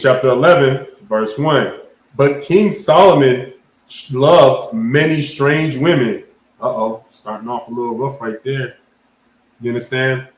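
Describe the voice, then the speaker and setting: In an echoey room, a man with a mid-range voice teaches a Bible class like a street sermon. He reads scripture aloud, breaks it down in casual slang, and keeps asking "you understand?". The recording quality is low.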